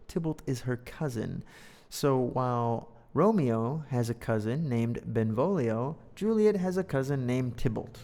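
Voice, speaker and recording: A man's voice: medium pitch, gravelly, mellow. A man giving a playful, chatty English lesson, reading through a storybook and joking about its pictures. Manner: playful, chatty, laughs often. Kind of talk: casual storybook lesson with commentary. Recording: reverberant room.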